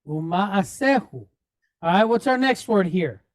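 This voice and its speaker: Patiently naming each Hebrew letter and vowel point, a woman teaches a reading lesson and checks in with the class, often asking "right?". Her mid-range voice is expressive and darkish, and she takes it slowly. There's no echo.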